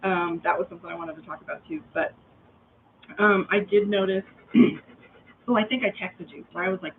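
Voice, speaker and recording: High-voiced animated man on a tinny stream. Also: brisk, creaky. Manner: animated storytelling, acts out quotes. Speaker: co-host. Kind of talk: casual live chat. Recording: phone-like live stream audio, faint noise.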